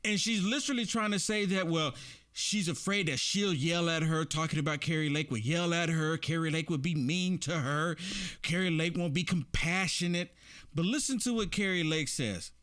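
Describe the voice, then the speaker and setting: A man hosting casual political commentary, animated, repeating himself and laughing often. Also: a little high, normal speed.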